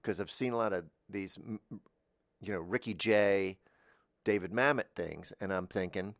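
A middle-aged man with a Southern American accent, hosting a rambling comedic monologue in a deadpan, meandering way and drifting into goofy voices. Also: low-pitched, normal speed, dry recording, studio quality. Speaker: podcast host.

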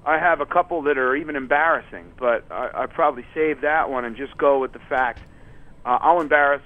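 A touring musician guest telling rambling stories in a casual interview, full of fillers and restarts. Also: male voice, mid-range voice, brisk. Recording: tinny phone-line audio.

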